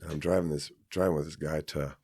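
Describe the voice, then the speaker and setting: A man's voice: rumbling low, steady tone, fast, gravelly, a little mellow, husky, no echo, studio quality. A man from Kansas, a podcast guest, telling a personal story in a rambling, casual way with many fillers and restarts.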